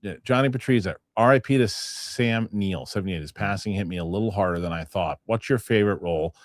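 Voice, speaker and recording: A man with a low voice hosts a loose, rambling live chat, swearing casually and reading viewer comments aloud. The sound is dry and close, with no room around it. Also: brisk, no echo. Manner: rambling, profane, laughs at his own stories. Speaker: host.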